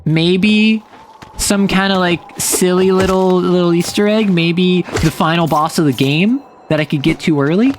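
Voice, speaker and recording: A man's voice: high voice, unhurried, slight background noise. A man streaming a game, playfully musing and giggling as he plays. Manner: playful, giggly, muses aloud. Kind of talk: gameplay commentary. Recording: voice over loud game music.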